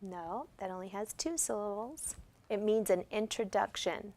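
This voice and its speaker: A woman's voice: mid-range voice, normal speed, a little mellow. A woman teacher giving classroom instruction, guiding students step by step with patient questions. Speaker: special education teacher.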